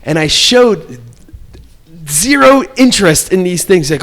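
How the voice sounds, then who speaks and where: A man's voice: sits high, sing-song, measured pace, a bit bright. A man on a podcast casually telling a childhood story, acting out the quoted voices and laughing often. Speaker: podcast host.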